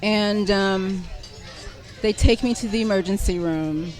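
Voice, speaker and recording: A middle-aged woman recounting a story in a relaxed, chatty way. She is lively and self-mocking, and she laughs easily. Her voice sits at an average pitch. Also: unhurried. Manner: animated, laughing, self-deprecating. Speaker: guest storyteller. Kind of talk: conversational storytelling.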